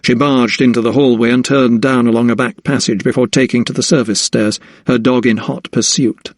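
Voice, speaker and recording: Man narrating a historical mystery audiobook, steady, dry close studio sound. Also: mid-range voice, normal speed, dry recording. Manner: steady, even storytelling. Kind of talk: scripted narration.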